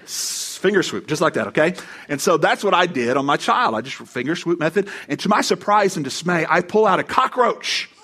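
A middle-aged male pastor preaching to his congregation in a somewhat raised voice. He tells a personal family story with playful humor and lively put-on voices for the people he quotes. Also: on the high side, brisk, husky. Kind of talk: sermon. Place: church before a live congregation.

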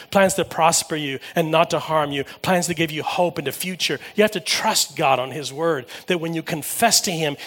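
A man delivering a sermon as a pastor, his voice sitting a little high for a man. He tells personal stories with animated energy, rising and getting louder on key points, then falling to quiet asides. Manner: animated storytelling, swings from loud emphasis to quiet asides.

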